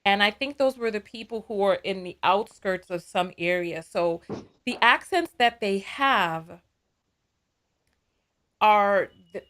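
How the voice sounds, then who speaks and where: A woman's voice: mid-range voice, takes it slowly, fairly bright tone. A woman hosting a live call-in show, talking in a conversational, digressive way and taking calls.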